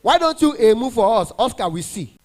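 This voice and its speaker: A man voicing a loud, stingy male caller who haggles over the price of an MC. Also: very high-pitched, big pitch swings, fairly quick, pitched above the performer's own voice. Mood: haggling.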